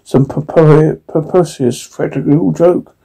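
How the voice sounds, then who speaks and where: A man voicing a stubborn, scoffing older gentleman in a storybook reading, dropping his voice low and muttering dismissively. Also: fairly even intonation, takes it slowly, gravelly, breathy edge, exaggerated voice, low-quality recording.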